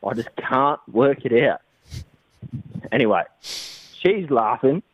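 A man's voice: medium pitch, animated, slow, no room sound. An Australian man from Canberra leaving a rambling, crude, swear-filled story as a caller's voicemail. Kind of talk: voicemail anecdote. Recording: muffled phone voicemail.

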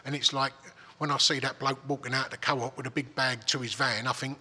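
A middle-aged East Londoner, a guest in a casual interview, talks frankly and sweary, rambling and restarting often. His husky, a bit high voice is bright and forceful, yet his delivery is flat and a little fast, in a room with long, echoing reverb.

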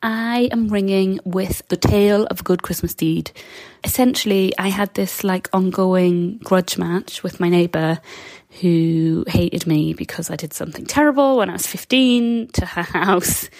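A woman's voice: on the low side, unhurried, no echo. A young woman from Newcastle, telling a chatty story in a voice message. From Newcastle, England. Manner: chatty, animated anecdote. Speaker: caller leaving a voice message.

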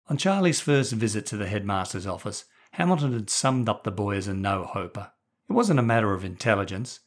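A man reading a story aloud in measured, steady narration. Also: lowish voice. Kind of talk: scripted audiobook narration.

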